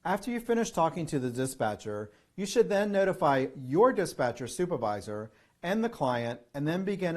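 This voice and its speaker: A man calmly giving security training, methodically reading through a checklist of questions. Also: medium pitch. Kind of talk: instructional narration.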